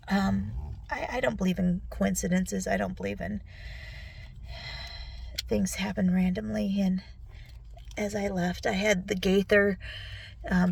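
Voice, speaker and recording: A tearful middle-aged woman recording a personal video recap on her phone, speaking softly and often dropping to a whisper. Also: medium pitch, gravelly, husky. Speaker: vlogger. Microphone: phone selfie video.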